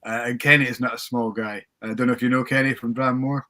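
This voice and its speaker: A man's voice: medium pitch, flat delivery, fast, bright, forceful tone. A man host telling an anecdote in casual chat, eager with hesitant fillers.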